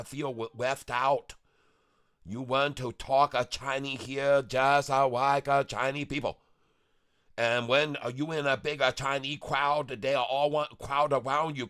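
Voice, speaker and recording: A man's voice: mid-range voice, a bit bright, voice pushed up, close to an everyday voice. A man voicing a boastful male character with a put-on Taiwanese accent and broken grammar, as a silly livestream bit. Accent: put-on Taiwanese-accented English.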